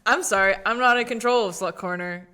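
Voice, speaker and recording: A young woman co-hosting a podcast in casual chat, swearing a lot and making quick teasing remarks. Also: medium pitch, bright, forceful tone, smooth. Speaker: podcast co-host.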